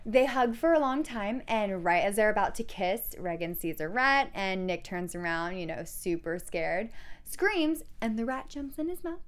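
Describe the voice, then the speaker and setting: Young woman, podcast co-host, casual recap chat, smooth clear voice, lively storyteller. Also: medium pitch, normal speed. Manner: animated storytelling, acts out quoted lines in playful voices.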